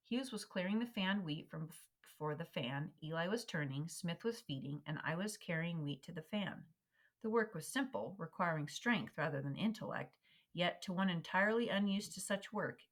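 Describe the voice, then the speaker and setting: A woman reading a historical memoir aloud in a measured, expressive way, slowing down for emphasis. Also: low voice. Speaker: reader.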